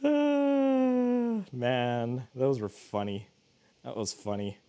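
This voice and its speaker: A man's voice: medium pitch, lively intonation, drawn-out words, dark tone, clear, resonant tone, highs cut off. A man streaming while he cooks, chatting casually in a joking, rambling way with many restarts. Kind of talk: casual livestream cooking chat.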